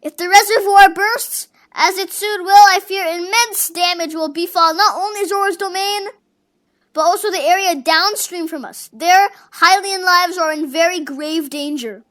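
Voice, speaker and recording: A genial old fish-folk king from a fantasy game, put on by a fan doing every role. He speaks in grand, formal phrases, and the voice sits very high and sounds bright and forceful. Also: moderate pace. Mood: grave. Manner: grand, courtly speech. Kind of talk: voicing game dialogue.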